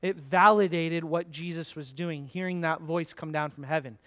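High-voiced pastor preaching. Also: male voice, bright, forceful tone. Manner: conversational, asks the congregation questions; slows down to stress key scripture words. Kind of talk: sermon.

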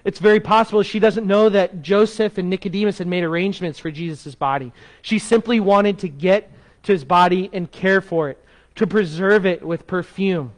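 Guy with a fairly high voice giving a sermon, expressive, goes soft and slow for emphasis. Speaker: pastor.

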